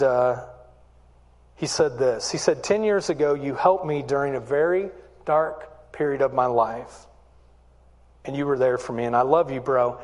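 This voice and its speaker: A man's voice: medium pitch, a little mellow. A man preaching a sermon, telling a personal story and then urging his listeners earnestly. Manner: storytelling, earnest, rising to urgent appeals. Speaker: pastor. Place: church hall. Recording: long hall reverb.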